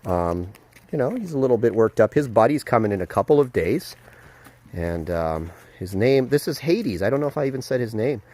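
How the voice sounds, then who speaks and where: A man vlogging casually outdoors at a horse paddock, excited and chatty, with lots of fillers, filmed on a handheld phone. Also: mid-range voice, a little fast. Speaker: vlogger, dog trainer. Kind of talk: casual vlog to camera.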